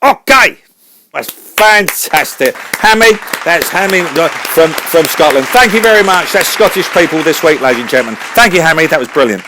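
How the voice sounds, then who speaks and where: A man's voice: a little high, expressive, moderate pace, crowd noise, background noise. A man hosting a comedy radio show, upbeat and teasing in his presenter patter.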